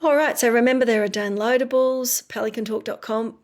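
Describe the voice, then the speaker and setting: A woman's voice: fairly high pitch, a little fast. A woman, a speech pathologist giving parents practical advice in a friendly, explaining way that often checks in with the listener. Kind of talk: instructional talk to parents.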